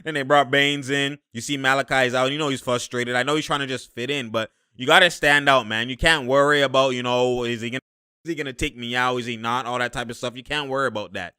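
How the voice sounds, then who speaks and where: Excitable young man reacting to basketball. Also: mid-range voice, quick pace, clear, resonant tone, no echo, clean studio sound. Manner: excitable, laughing often, slangy. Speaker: sports commentator reacting to game footage. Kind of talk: casual live game reaction.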